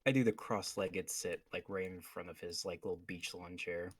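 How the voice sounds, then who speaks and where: A man's voice: low-pitched, steady tone, normal speed, husky, no room sound. A man playing a tabletop game, hesitant and full of fillers, sometimes muttering under his breath. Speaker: player. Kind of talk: tabletop role-play.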